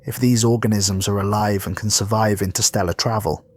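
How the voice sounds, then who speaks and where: A man voicing a paranoid male communications technician in a horror story, speaking low and grim. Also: fairly even intonation, brisk, a little mellow, natural voice. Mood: ominous.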